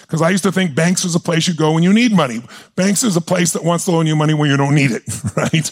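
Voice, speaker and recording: Gravelly, intense man in his sixties. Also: on the high side, quick pace. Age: 60s. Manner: intense, passionate, rallies the audience. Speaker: motivational speaker. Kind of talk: live seminar storytelling.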